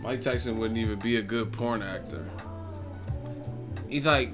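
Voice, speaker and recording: A male live-stream host talking loosely at a mid pitch, with plenty of cursing and laughter. His chat is unscripted and jokey. Soft music runs faintly in the background. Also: unhurried, pauses often. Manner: loose, joking, swearing, laughs often.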